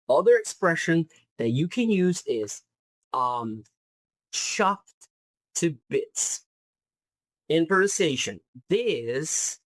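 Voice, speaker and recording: Man with Brazilian Portuguese accent, English teacher, slow and deliberate, dry close sound, drills each word twice. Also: fairly high pitch, animated, dry recording. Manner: emphatic, repeats key words. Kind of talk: YouTube lesson on British slang.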